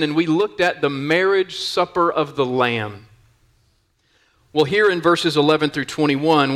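A pastor preaches in a church, earnest and conversational. His voice is bright and forceful and sits a little high for a man. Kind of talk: sermon. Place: church sanctuary.

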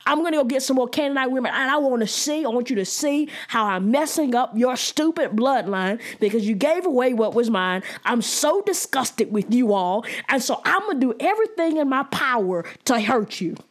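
A woman's voice: fairly high pitch, expressive, normal speed, hardly any pauses, voice pushed up, natural voice. A woman voicing a bitter young man who was cheated of his birthright, ranting in a folksy, indignant way. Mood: angry ranting.

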